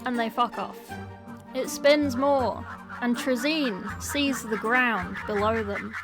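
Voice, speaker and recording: A woman's voice: a little high, unhurried, over music. A woman casually reading a novel aloud, with playful, chatty asides. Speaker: book reader.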